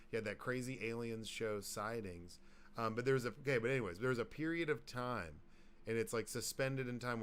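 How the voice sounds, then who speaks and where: Loud joking man with a smooth voice. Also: medium pitch. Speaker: podcast host. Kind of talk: casual chat.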